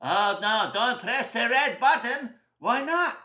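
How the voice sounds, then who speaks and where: A man's voice: extremely high pitch, sing-song, moderate pace, pushed and bright, roomy sound, voice pushed up, full character voice. A man voicing a fretful eight-year-old boy who keeps warning his friend in a whiny, panicky way.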